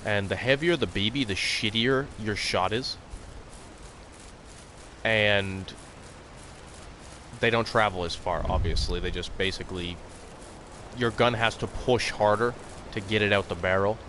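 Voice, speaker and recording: A man's voice: on the low side, a little slow, long pauses, fairly bright tone, a little hiss or hum. A young man streaming a hunting game, chatting in a rambling, blunt and profane way. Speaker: gaming live streamer. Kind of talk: casual live-stream chat.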